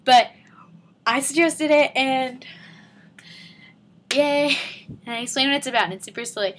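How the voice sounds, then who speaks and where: A seventeen-year-old girl rambling and giggling in an excited fan vlog from her living room. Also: high voice, moderate pace, pauses often, slight background noise. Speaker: vlogger.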